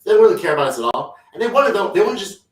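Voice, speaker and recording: A man rambles through a casual comedic chat. His speech is full of slang and silly asides, and his pitch swings widely. He sits back from the mic in an echoey room. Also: sing-song, very fast, distant mic. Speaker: podcast co-host.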